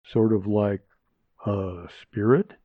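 A man doing a calm, laconic older man. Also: on the low side, slow pace, no room sound. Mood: easygoing. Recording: narrow phone-like sound, dry.

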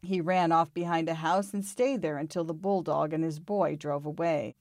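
A woman reading a children's storybook aloud in a calm, expressive way. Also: sits low, normal speed, no echo, studio quality.

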